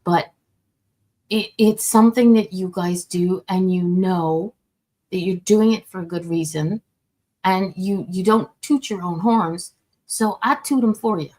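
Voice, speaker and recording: A woman's voice: lowish voice, measured pace, darkish tone. A woman from Quebec hosting a casual chat, chatty and joking, laughing often. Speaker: host.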